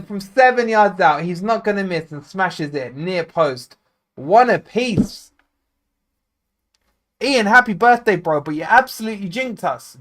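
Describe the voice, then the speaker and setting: A man hosting a live football watchalong, talking casually and bluntly to his viewers and swinging between grumbling and loud cheering. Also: high-pitched. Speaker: football fan channel host. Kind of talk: live match watchalong commentary.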